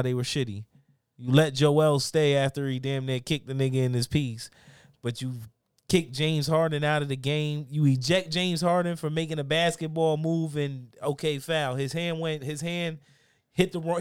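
A man co-hosts a podcast, trading loose, profane, animated banter in casual chat. His voice is on the high side, clear and resonant, at a moderate pace, captured in a dry recording with clean studio sound.

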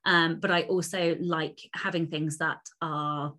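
A woman's voice: low voice, steady tone, a little slow, pushed and bright. A woman author chatting as an interview guest, enthusiastic and talkative, with plenty of fillers. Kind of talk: casual interview conversation.

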